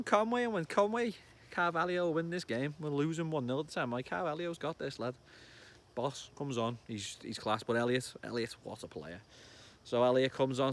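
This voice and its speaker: A man in his thirties with a Liverpool accent, chatting excitedly outdoors about a football match, swearing and bursting into loud shouts. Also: fairly high pitch. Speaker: football fan vlogger. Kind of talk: casual match reaction vlog. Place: outdoors among trees.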